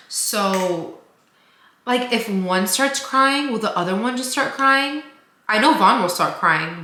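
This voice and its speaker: A woman's voice: mid-range voice, sharp tone, roomy sound. A woman chatting casually while doing her makeup in a get-ready-with-me vlog, rambling with lots of fillers. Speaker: beauty vlogger.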